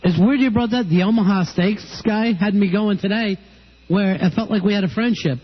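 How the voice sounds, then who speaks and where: A man's voice: sits high, moderate pace. A man hosting a radio show, telling wry stories in casual banter and acting out the people he talks about. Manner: wry storytelling, acts out callers. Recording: dull lo-fi radio broadcast.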